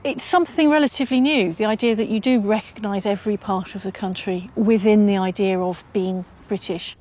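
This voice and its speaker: A woman's voice: medium pitch, fairly even intonation, fairly quick, darkish tone. A woman historian answering interview questions in a fluent, explanatory way with occasional ums.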